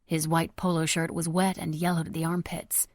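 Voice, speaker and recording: A woman narrating a dark romance audiobook in the first person, tense and dramatic. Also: low-pitched, flat delivery, moderate pace, no echo, studio quality.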